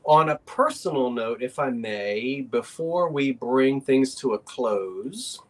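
A man co-hosting a live online auction, talking in a folksy, gently enthusiastic way. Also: mid-range voice, animated, slow. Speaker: auction co-host.

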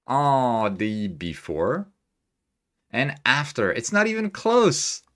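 A man chatting casually through a live stream as he edits images, excitable and quick to laugh, with a hard-to-place non-native accent and frequent restarts. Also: mid-range voice. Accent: hard-to-place, non-native English. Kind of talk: casual live-stream commentary while editing.

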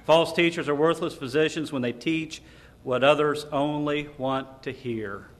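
A man's voice: fairly high pitch, unhurried. A man preaching a sermon at a lecture series, emphatic, asking the audience rhetorical questions and quoting scripture. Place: lecture hall.

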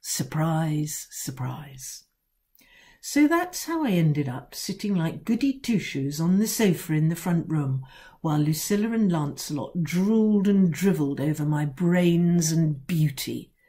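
A woman author reading her own children's book aloud in a wry, sly first-person storytelling voice with dramatic pauses. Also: deep voice, lively intonation, warm tone.

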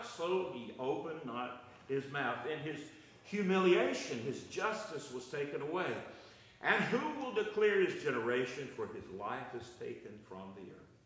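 Preaching pastor in an echoey room. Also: male voice, a little high, a bit bright. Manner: preaching with rising and falling emphasis. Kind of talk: Bible study sermon. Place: church.

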